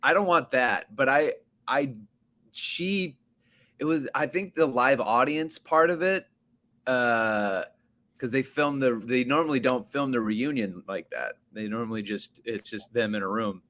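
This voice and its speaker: A stand-up comedian co-hosting a comedy podcast chats casually, laughing often and telling loose, rambling stories full of fillers. His voice is medium-pitched and a bit bright, at a measured pace.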